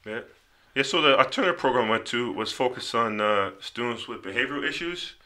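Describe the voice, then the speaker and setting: A man guest telling his life story in casual conversation, animated, slipping into quoted voices. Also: medium pitch, brisk. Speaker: podcast guest.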